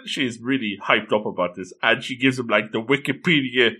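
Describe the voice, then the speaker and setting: A man's voice: medium pitch, moderate pace, few pauses, pushed and bright. A man casually recapping a story with playful, jokey asides.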